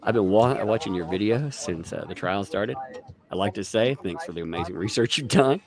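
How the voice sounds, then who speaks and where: A man's voice: fairly low pitch, a little fast, crowd noise. A man hosting a live stream, joking and commentating casually while reading viewer messages aloud. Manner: joking, animated, reads chat aloud. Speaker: livestream host.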